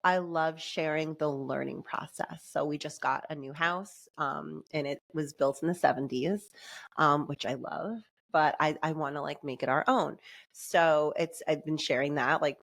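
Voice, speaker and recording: A woman with a somewhat low, warm speaking voice, talking as a podcast guest. She rambles happily with plenty of "like" and self-corrections, and breaks into laughs as she goes. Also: unhurried, gravelly. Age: adult with a son and fiance. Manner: chatty, lots of "like" and restarts, laughs easily. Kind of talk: casual conversational interview.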